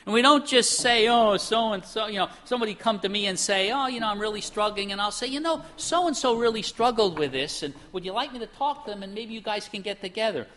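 A man preaching a sermon in an animated way, acting out the voices of the people he quotes. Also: sits high, fairly quick, few pauses.

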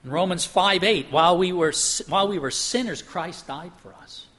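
A middle-aged pastor preaches a sermon at a normal pace, his clear, bright voice sitting slightly high for a man. He speaks earnestly, lifting his pitch to stress points and dropping to a hush for solemn moments.

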